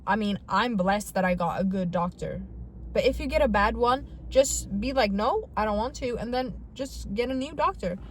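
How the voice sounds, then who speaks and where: A woman's voice: medium pitch, moderate pace, slight background noise. A young woman vlogging to camera in casual talk, chatty and dramatic, with self-mocking asides.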